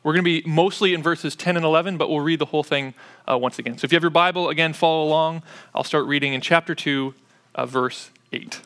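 A man's voice: a little high, fast talker, fairly bright tone. A man preaching a sermon in a church, conversational and sprinkled with "uh" fillers. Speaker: pastor.

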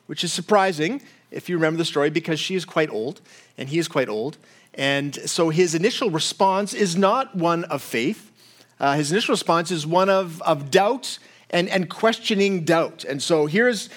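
A man's voice: a little high, moderate pace. A man preaching a sermon as pastor, talking conversationally and checking in with his listeners.

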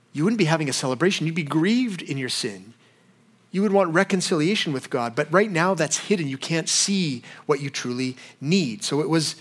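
High-voiced male preacher. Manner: conversational preaching, rhetorical questions. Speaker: pastor. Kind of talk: sermon.

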